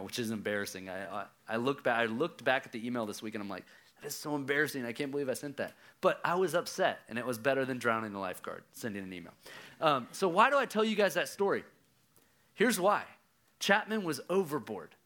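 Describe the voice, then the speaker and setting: An animated youth pastor in his thirties tells a story to a room of teenagers. His voice sits a little high for a man, and he swings from near-shouting to hushed tones. He chuckles often as he preaches.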